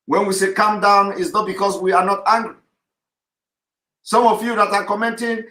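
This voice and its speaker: A man giving a live online address to his followers, insistent and repetitive, in the manner of forceful oratory. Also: high-pitched, flat delivery, moderate pace. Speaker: activist leader giving a live broadcast. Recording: roomy echo.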